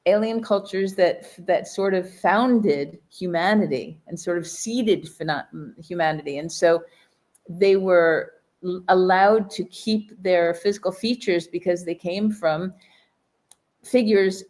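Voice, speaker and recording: A woman's voice: mid-range voice, takes it slowly, a little mellow. A woman co-hosting a podcast in casual conversation, enthusiastic and prone to speculative tangents. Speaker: podcast co-host.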